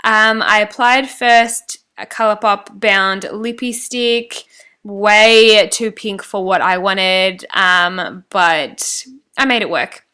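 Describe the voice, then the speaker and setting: A young woman talks through her makeup steps in a loose, chatty voice-over. She rambles and laughs off her own slips of the tongue. Her voice is bright and clean. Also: mid-range voice, steady tone, slow, clear, resonant tone. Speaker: beauty vlogger. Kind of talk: casual voice-over for a makeup tutorial.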